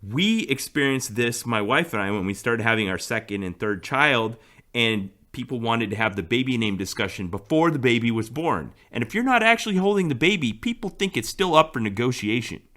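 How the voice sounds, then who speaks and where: Bright-voiced man telling stories. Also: mid-range voice, animated, brisk. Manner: storytelling, laughs often. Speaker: podcast co-host. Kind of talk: casual chat.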